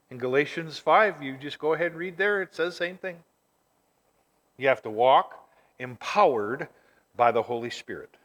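A man preaching a sermon as pastor, swinging from near-shouts to hushed, quiet lines. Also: fairly high pitch. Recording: long hall reverb.

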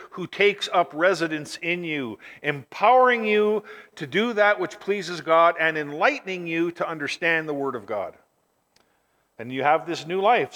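A man preaching a sermon as pastor, swinging from near-shouts to hushed, quiet lines. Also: high-pitched. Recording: long hall reverb.

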